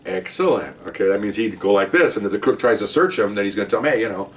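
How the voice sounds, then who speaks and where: A middle-aged man telling police stories in casual storytelling style, animated and acting out the dialogue. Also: fast. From Latino. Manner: animated, acts out dialogue with raised pitch. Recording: voice a bit far from the mic.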